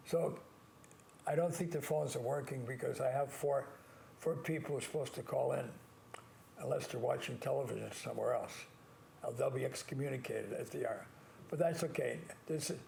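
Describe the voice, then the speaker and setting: An older man, a priest hosting a call-in show alone, giving earnest advice and slowly stressing key words. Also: mid-range voice, gravelly, darkish tone, slight background noise.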